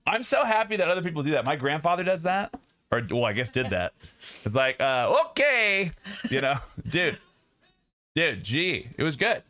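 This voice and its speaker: A man's voice: on the high side, very animated, moderate pace, pushed and bright, no room sound. Joking young man hosting a stream. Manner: jokey, laughing, rambling. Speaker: streamer host. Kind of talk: casual chat with stream viewers. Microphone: studio mic.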